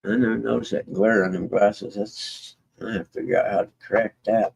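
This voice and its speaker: Gravelly, low-voiced man rambling on stream. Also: fairly even intonation, a little fast, darkish tone, a little hiss or hum, poor audio. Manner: meandering, folksy, trails off and restarts. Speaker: livestream host. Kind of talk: rambling casual chat to viewers.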